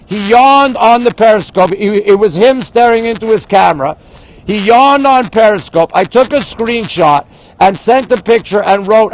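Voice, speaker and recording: A man's voice: high-pitched, animated, moderate pace, no room sound, rough recording. An older man from Montreal ranting in casual chat on a live stream, talking straight to his viewers and reading out their comments. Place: outdoors in a big city at dawn. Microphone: phone.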